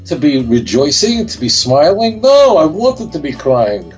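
A man's voice: a little high, big pitch swings, moderate pace, soft background music, poor audio. A man speaking as a guest in a talk show interview, emphatic and insistent, often repeating himself.

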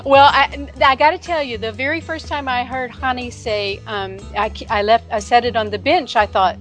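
Southern-accented woman guest, casual radio chat, laughs easily, higher voice, faint music bed. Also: normal speed, few pauses. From southern United States. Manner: chatty, laughs often, trailing restarts. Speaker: regular guest.

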